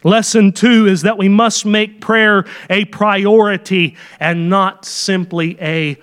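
A man's voice: sits high, fairly even intonation, slow, a bit bright, clean tone. A man preaching a sermon with fervor, sometimes dropping into folksy asides. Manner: fervent, acts out quoted prayers.

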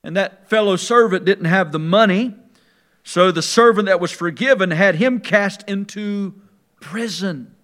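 A man preaching a sermon, swinging from quiet musing to loud, emphatic preaching and drawing key words out slowly. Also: high voice.

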